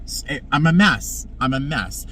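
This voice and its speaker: A man's voice: medium pitch, expressive, normal speed, a bit bright, slight background noise. A man, a flight attendant, telling a story in a casual vlog. He talks in an emotional, dramatic way, with sudden emphatic swings.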